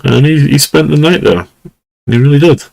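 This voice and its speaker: A Scottish podcast host tells stories casually from a room at home, rambling and chuckling with plenty of fillers into a lesser mic. His voice is a little high and gravelly with a darkish tone, lively intonation, and normal speed. The recording is dry and rough.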